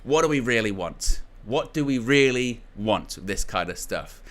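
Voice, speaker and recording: A young man with a bright, forceful voice, talking through his football takes in a loose, casual way. He keeps restarting sentences and padding them with fillers as he hosts his channel. His pitch sits in an ordinary middle range. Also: expressive, normal speed, hardly any pauses. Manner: rambling, frequent restarts and filler words. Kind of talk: casual opinion commentary.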